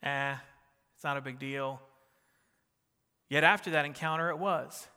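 A middle-aged man with a New Jersey accent preaching a sermon, swinging between emphatic rising bursts and soft, quiet drops. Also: a little high, steady tone, measured pace, smooth, big-room sound. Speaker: pastor.

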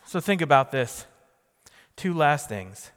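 A man's voice: on the high side, sing-song, slow, a bit bright, big-room sound. A man preaching a sermon as pastor, emphatic, repeating key phrases and putting questions to the congregation.

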